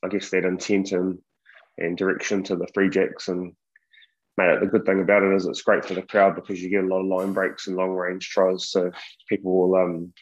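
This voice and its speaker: A man's voice: deep voice, highs cut off. A man with a New Zealand accent, a rugby coach explaining his ideas in a podcast interview, earnest and full of restarts.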